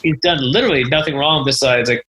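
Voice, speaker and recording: A man co-hosting a podcast, talking casually and jokingly about a fantasy book, rambling with frequent fillers and quick impressions. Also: mid-range voice, sharp tone, slight background noise, poor audio. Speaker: podcast co-host.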